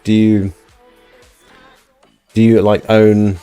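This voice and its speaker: Low-voiced male streamer, casual and chatty, dry close mic, soft music behind. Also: flat delivery, very slow, clean tone, no room sound. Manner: chatty, reading viewer comments aloud. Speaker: livestream host. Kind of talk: casual livestream chat.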